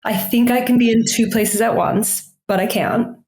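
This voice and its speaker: A woman's voice: on the high side, moderate pace, darkish tone. A woman with an American accent, a yoga and meditation teacher who is a guest on a podcast. She speaks in an eager, chatty way with lots of "like". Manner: chatty and eager, many "like" fillers. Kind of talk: casual podcast interview. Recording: roomy, echoey room sound.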